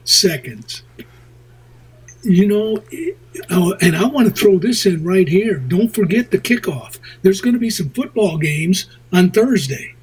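A man hosting a show, telling rambling stories in casual chat with a husky voice. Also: sits high, expressive, measured pace, a little mellow, poor audio. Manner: rambling, chuckling storyteller. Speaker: radio show host.

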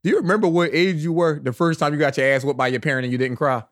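A young man, talking quick and slangy and asking his friends questions. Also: on the high side, fairly even intonation. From Philadelphia. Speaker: podcast co-host. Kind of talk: casual chat among friends.

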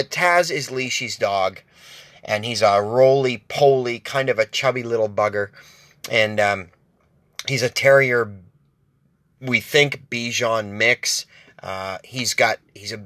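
A man's voice: mid-range voice, bright, forceful tone, dry recording. A man hosting his own show, telling a rambling, profane story with many restarts and asides. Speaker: podcast host. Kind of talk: casual storytelling monologue.

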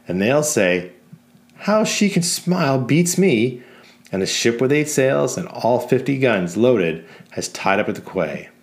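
Guy reading as a young bride, theatrical, slow and mocking. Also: medium pitch. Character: young bride performing a bitter barmaid song.

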